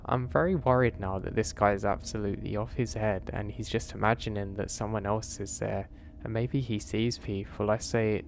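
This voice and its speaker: A man narrating a first-person horror story in a steady storytelling way. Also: fairly low pitch, normal speed, a little hiss or hum.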